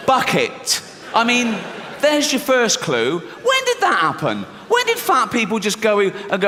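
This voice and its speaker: This English comedian has a very high voice with huge pitch swings and a measured pace. Onstage at a live comedy venue, he tells a brash, profane story in a mock-incredulous way. The recording carries reverberant hall sound, audience ambience, and a noisy background.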